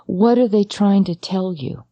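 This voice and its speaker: A middle-aged woman, a psychologist and grieving mother, giving a personal talk on grief, speaking straight to the listener in a halting, intimate way. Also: medium pitch, warm tone, no echo, dull audio.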